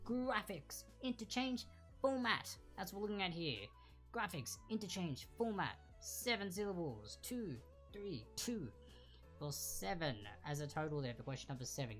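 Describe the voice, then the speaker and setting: A woman hosting a casual live online trivia quiz, chatting and repeating each answer slowly and clearly. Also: mid-range voice, fairly bright tone.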